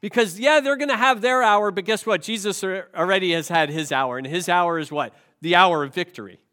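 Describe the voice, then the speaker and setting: A man's voice: high-pitched, fairly quick, sharp tone. A male pastor with a cold, preaching a sermon with rhetorical questions and self-deprecating jokes. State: has a cold.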